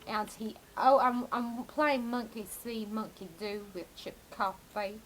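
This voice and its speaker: A woman's voice: on the high side, a little slow, slight background noise, poor audio. A woman vlogging in a rambling, profane, giggly way, jittery from too much coffee. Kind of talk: casual rambling chat.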